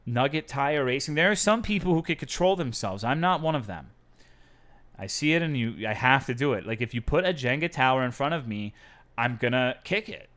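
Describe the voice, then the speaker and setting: A male streamer chats with his viewers from a home setup. His voice is bright and sits at a middle pitch. He swears freely and jokes at his own expense. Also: lively intonation, fairly quick. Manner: profane, self-mocking joking. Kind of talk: casual chat with viewers.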